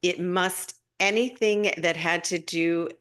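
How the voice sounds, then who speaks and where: A middle-aged woman hosting a live spiritual guidance stream, chatting casually as she answers viewer comments, laughing often and swooping up in pitch when excited. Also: slow, clear, resonant tone.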